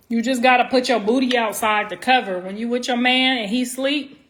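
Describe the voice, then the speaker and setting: A woman hosting a casual livestream, telling loud, laughing, slangy stories. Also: on the high side. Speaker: livestream host. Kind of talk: casual live-stream chat.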